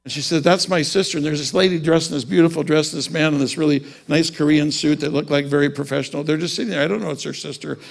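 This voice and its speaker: A man's voice: a little high, steady tone, fast talker, vocal fry, hardly any pauses. A man preaching a sermon, telling a personal story and then rising into fervent preaching.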